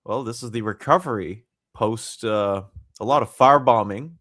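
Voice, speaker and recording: Man, podcast host, casual chat, reads titles and prices aloud, pauses to say uh, mid-pitched, dry close sound. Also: a bit bright, no echo. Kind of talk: casual chat reading out comic listings.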